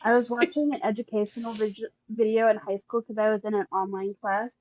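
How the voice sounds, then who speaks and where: A woman's voice: medium pitch, steady tone, fairly quick, a little mellow, poor audio. A woman at home with her pets, chatting casually and gushing as a podcast guest. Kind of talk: casual chat.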